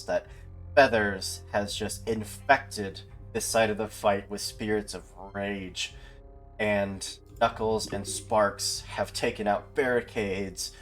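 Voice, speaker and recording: A man with a lowish voice runs a tabletop game, narrating scenes and nudging his players along. Faint music plays quietly behind him. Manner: encouraging, descriptive narration. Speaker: game master.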